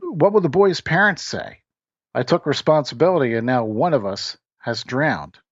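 A man's voice: fairly high pitch, animated, moderate pace, no room sound, highs cut off. A man voicing a panicked boy leader. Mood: distraught. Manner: anxious pleading questions. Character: panicked young boy leading a group.

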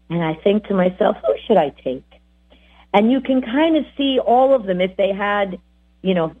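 A woman dog trainer giving lively, chatty advice on bonding with dogs. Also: medium pitch, breathy edge. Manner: animated, chatty, voices the dogs. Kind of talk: casual advice talk. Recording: tinny phone-like audio.

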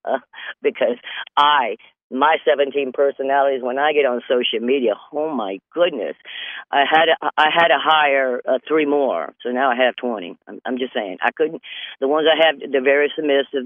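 A man's voice: mid-range voice, moderate pace, no room sound. A man from North Carolina hosting a show with a rambling comedy monologue, often laughing at his own jokes. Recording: tinny phone-line sound, dry.

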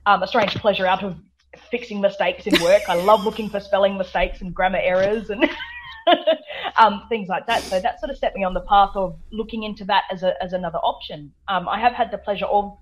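A woman's voice: mid-range voice, a little fast, a little hiss or hum, poor audio. An Australian woman from South Australia, a guest author chatting in a radio interview, full of fillers, restarts and laughter.

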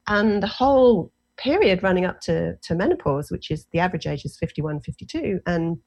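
English woman in her 40s, lowish voice, chatty and animated, lots of restarts. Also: fairly quick, creaky. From England. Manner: animated, self-deprecating, lots of fillers and restarts. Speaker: guest. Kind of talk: casual interview storytelling.

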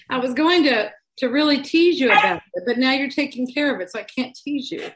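A woman hosting an online talk show over a video call. Her voice sits fairly high, and she teases her co-host and giggles often. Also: expressive, moderate pace, a bit bright. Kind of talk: casual video-call chat.

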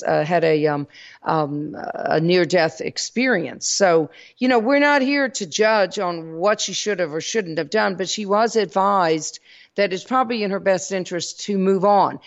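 Gravelly Southern woman giving a spiritual talk. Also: on the low side. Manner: folksy, addresses listeners as y'all. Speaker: host. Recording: dull lo-fi recording.

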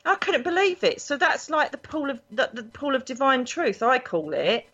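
A woman, a psychic guest telling stories in a chatty, animated way. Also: high voice, moderate pace, husky. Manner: animated, chatty, acts out voices in her anecdotes. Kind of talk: casual storytelling interview. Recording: dull lo-fi recording.

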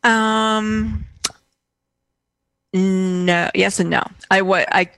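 A woman's voice: medium pitch, fairly even intonation, drawn-out words, a bit bright, smooth, dry recording. A middle-aged woman, a guest in conversation, telling a personal story in a rambling way with many restarts and fillers.

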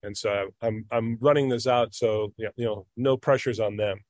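A man with a lowish voice speaks on talk radio, hesitant and full of fillers. The sound is dry and close. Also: fairly even intonation, moderate pace, darkish tone, no echo. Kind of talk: casual chat on talk radio.

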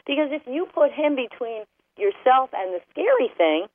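A woman's voice: sits high, big pitch swings, normal speed, dry recording, narrow, tinny audio. A middle-aged woman hosting a radio talk show about dog training, speaking emphatically and acting out what dogs and owners would say.

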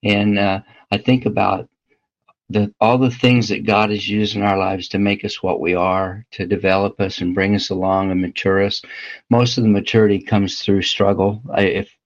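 A man who leads a small home church, speaking reflectively with many pauses and fillers. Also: on the low side, little pitch movement, lo-fi sound. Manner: hesitant, halting, many fillers. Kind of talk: reflective casual talk.

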